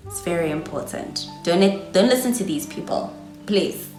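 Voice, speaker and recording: A woman's voice: on the low side, animated, moderate pace, a little mellow, roomy sound, soft background music. A South African woman in her twenties with a South African accent, giving chatty, encouraging advice to camera as a vlogger. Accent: South African English. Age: 20s. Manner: chatty, encouraging, calls viewers darling. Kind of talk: casual advice talk to camera.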